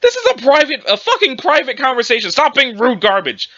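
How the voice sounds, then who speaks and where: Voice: sits high, sing-song, a little fast, pushed and bright, full character voice. Irritable foul-mouthed young troll read by one performer, snapping and scolding over a muffled mic. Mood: irritated.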